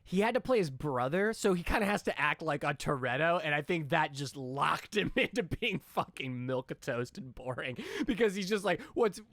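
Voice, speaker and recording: A man hosting a casual film podcast, excitable and loose with swearing. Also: on the high side, moderate pace, hardly any pauses, no echo. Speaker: podcast host.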